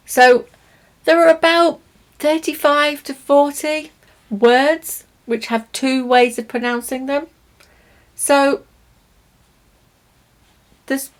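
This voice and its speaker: A woman with a British accent teaching English pronunciation, speaking slowly and deliberately, stressing each word for learners. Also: on the high side. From Britain. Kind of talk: language lesson to camera.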